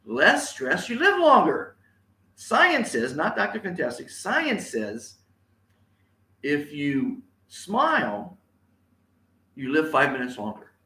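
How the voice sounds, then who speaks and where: Bright-voiced upbeat motivational speaker man. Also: a little high, wildly swooping pitch, slow pace, pauses often, roomy sound. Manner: enthusiastic, repeats catchphrases, asks viewers to shout along. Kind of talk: live-streamed motivational talk. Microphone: on camera, live stream.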